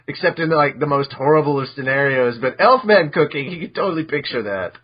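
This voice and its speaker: A man casually recapping episodes on a podcast, animated and chatty, with a voice pitched a little high. He sometimes jumps into squeaky character voices as he tells it. The recording sounds dull and lo-fi. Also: a little fast. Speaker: podcast host.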